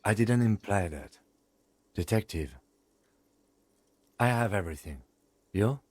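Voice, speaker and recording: An actor playing a reserved police lieutenant in a game, asking measured, matter-of-fact questions. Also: male voice, fairly low pitch, lively intonation, darkish tone, no echo. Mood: composed. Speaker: game character. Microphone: studio voice-over.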